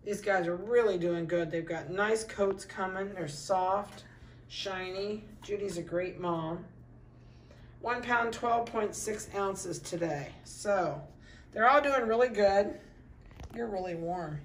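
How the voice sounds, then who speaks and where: A middle-aged woman dog breeder in a casual puppy update, cooing softly to the litter and giving brisk practical notes to buyers. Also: mid-range voice, distant mic, a little hiss or hum. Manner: coos softly to puppies, then gives brisk practical notices to buyers.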